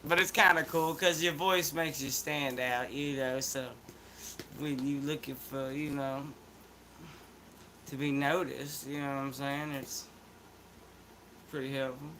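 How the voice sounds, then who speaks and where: A man's voice: medium pitch, level tone, measured pace, pauses often, pushed and bright, a little hiss or hum, rough recording. A man with an Appalachian accent chatting in a laid-back, rambling, slangy way as a vlog host. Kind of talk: casual chat vlog.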